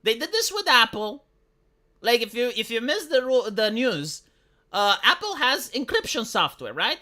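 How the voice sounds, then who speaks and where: A woman's voice: a little high, very animated, moderate pace, bright, forceful tone. A woman with a Romanian accent ranting sarcastically and profanely as a live streamer commenting on the news. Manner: sarcastic, profane, mocking quoted voices.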